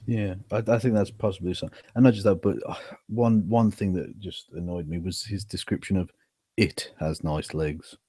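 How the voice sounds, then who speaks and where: Very deep, mellow-voiced man on a call. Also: fairly even intonation, fairly quick, few pauses, breathy edge, no room sound. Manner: emphatic, sardonic, swears. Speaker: guest. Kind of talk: casual online discussion.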